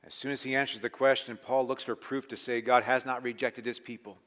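A man preaching a sermon as pastor, animated and emphatic, dropping to hushed lines and rising to loud ones. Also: medium pitch, a little fast. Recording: long hall reverb.

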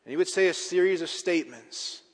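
A man preaching a sermon as a pastor, emphatic, with big swings in pitch and loudness. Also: fairly quick. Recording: reverberant hall.

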